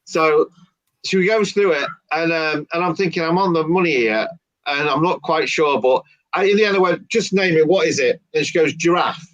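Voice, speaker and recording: Male magician, lively anecdote teller, muffled dry audio. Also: fairly high pitch, normal speed, dry recording. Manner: animated, acts out dialogue. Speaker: guest magician. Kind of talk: casual storytelling.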